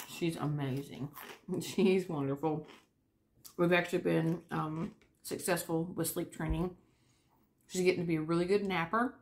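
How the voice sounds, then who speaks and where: Young woman, lower pitch, relaxed vlog chatter between bites. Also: a little hiss or hum. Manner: chatty, talks while eating. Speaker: vlogger. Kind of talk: casual chat.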